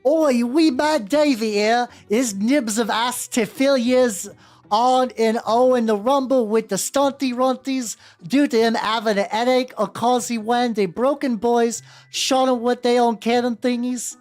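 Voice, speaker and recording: A woman putting on the voice of a rowdy male ork warrior, talking slowly in a crude, drawn-out accent. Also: on the high side, fairly even intonation, a little mellow, faint music behind, pitched above the performer's own voice, natural voice. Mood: boisterous.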